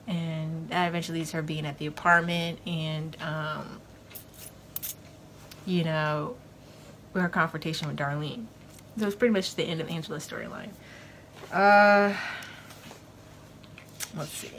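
A woman's voice: lowish voice, normal speed, pauses often, a bit bright, a little hiss or hum. A woman hosting a podcast, giving a loose, casual recap of a TV episode with lots of fillers. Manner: rambling, loose, full of fillers like "you know". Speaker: podcast host.

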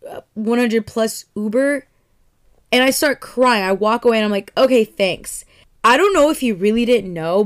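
Young woman, casual storytime, lots of swearing, acts out what she said. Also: medium pitch. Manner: profane, animated, acts out her own reactions.

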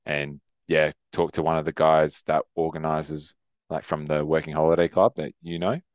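Man, young, very low pitch, rambling and laughing, dry recording. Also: flat delivery, normal speed, no room sound. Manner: rambling, laughs often, swears casually. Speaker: podcast co-host. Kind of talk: casual chat.

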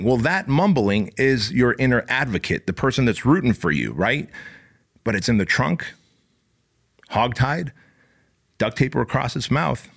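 A man's voice: mid-range voice, expressive, normal speed, creaky, fairly bright tone. A man giving a blunt, profane motivational talk, punching key words hard. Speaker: motivational speaker.

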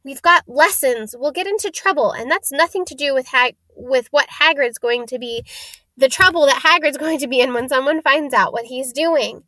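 A woman's voice: high-pitched, normal speed, bright, forceful tone, no echo, pitched above the performer's own voice. A woman reading aloud, voicing a clever, earnest schoolgirl who speaks in a coaxing way. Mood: anxious.

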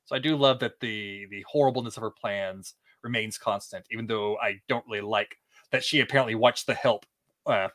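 A man co-hosting a podcast in casual chat, animated and laughing often. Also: a little fast, no room sound. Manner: animated, laughs often, quotes in high put-on voices. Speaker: podcast co-host.

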